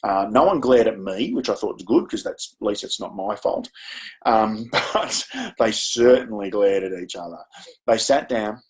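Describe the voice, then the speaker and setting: A man's voice: fairly low pitch, lively intonation, moderate pace. A man with an Australian accent presenting a webinar, telling a chatty, self-deprecating classroom story with frequent ums. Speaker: education presenter.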